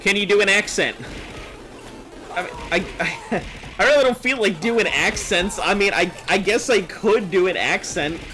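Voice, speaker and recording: A man's voice: high-pitched, a little slow, bright, forceful tone, a little hiss or hum. A man streaming live, chatting casually with viewers, reading chat messages aloud and joking as he goes.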